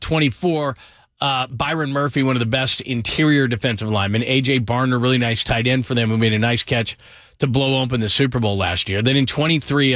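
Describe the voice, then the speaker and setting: A middle-aged man giving an energetic, emphatic sports talk monologue about football, piling up names and quick asides. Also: medium pitch, no room sound, studio quality. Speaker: football commentator.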